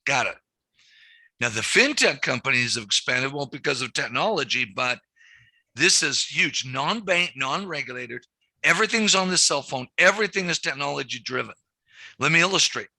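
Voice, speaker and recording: A man's voice: mid-range voice, moderate pace, vocal fry, no room sound. A middle-aged man teaching a banking class, telling stories and acting out what people said. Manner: animated storyteller, acts out quotes. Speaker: banking trainer. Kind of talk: live training session.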